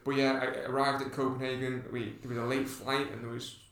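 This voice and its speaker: A man's voice: mid-range voice, little pitch movement, a little fast, a bit bright, a little hiss or hum. A man, a podcast co-host and runner, telling a rambling story in casual chat with many restarts. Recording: echoey room, distant mic.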